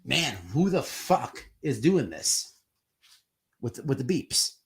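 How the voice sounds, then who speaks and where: A man's voice: mid-range voice, sing-song, vocal fry. A man hosting a live stream and rambling through casual, profane commentary. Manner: profane, rambling, quick to act out quotes.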